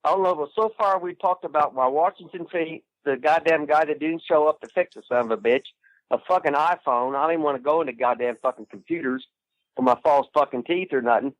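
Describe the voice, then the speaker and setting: Guest spot: a high-voiced man who swears nonstop and rambles, phoned in on a dull line. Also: fairly quick, dry recording. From Indiana. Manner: rambling, swears constantly, crude. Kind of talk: profane casual chat.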